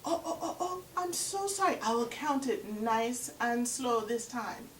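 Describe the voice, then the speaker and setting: A woman voicing a kind, polite female dove who speaks softly and apologetically. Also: a little high, animated, a little slow. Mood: apologetic. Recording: roomy echo from far off.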